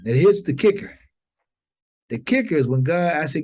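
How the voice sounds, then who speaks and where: A man in his fifties, a podcast guest, telling an inspirational story in an animated, preacher-like way, often jumping up in pitch for exclamations. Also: normal speed, long pauses, husky.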